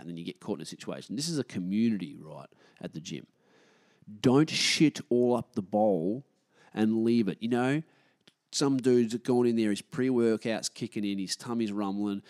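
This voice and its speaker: A man with an Australian accent hosting a podcast on his own, ranting casually and bluntly, swearing a lot and getting loud when annoyed. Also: lowish voice. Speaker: podcast host. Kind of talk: casual solo rant.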